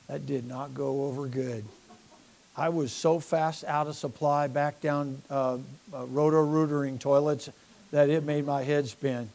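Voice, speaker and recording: A middle-aged American pastor's sermon grows more fervent as he talks to his congregation, approaching a shout. His voice is on the high side and creaky, with fairly even intonation and a slightly slow pace.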